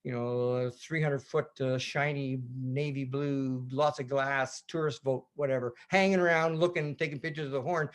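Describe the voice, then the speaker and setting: A middle-aged Canadian man telling a sailing story over a video call, lively and rambling, acting out radio calls. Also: on the high side. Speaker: sailor giving a presentation. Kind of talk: animated storytelling talk.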